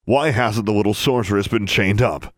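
A man voicing a large, fanatical old bearded wizard with a deep booming voice, ranting louder and higher as he goes, for an audiobook. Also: normal speed, no echo, studio quality, lightly acted. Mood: demanding. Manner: ranting, increasingly heated.

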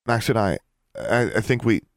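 A man's voice: lowish voice, lively intonation, moderate pace, no room sound, voice pushed up. A man voicing a defiant, grieving teenage witch girl in an audiobook, strained and snapping, close to tears. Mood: guarded. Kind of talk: audiobook narration.

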